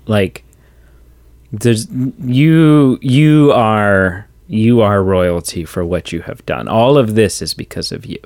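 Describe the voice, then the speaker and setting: Low-pitched man, enthusiastic podcast co-host, dry close mic. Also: takes it slowly, darkish tone, no echo. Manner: enthusiastic, gushing, acts out lines. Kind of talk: casual movie discussion.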